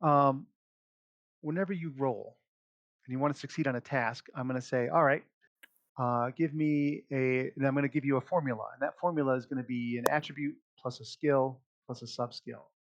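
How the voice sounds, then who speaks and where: A man's voice: mid-range voice, brisk, dry recording, lo-fi sound. A man acting as game master, casually explaining character creation and rules with lots of fillers and laughs. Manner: relaxed, chatty, many fillers, laughs often.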